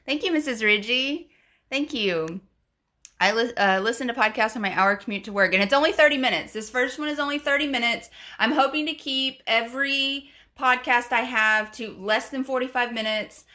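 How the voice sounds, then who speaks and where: A woman's voice: on the high side, moderate pace, pushed and bright. A woman hosting a casual live stream, greeting viewers and reading their comments aloud in a bubbly, gushing way that often repeats itself. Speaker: live stream and podcast host.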